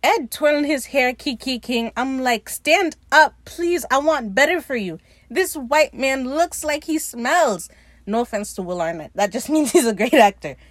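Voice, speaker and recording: A woman's voice: sits high, expressive, normal speed, no echo. Chatty woman with a dry, close sound. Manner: chatty, swears freely, laughs often. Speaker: podcast host recapping a TV episode. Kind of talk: casual, profane episode recap.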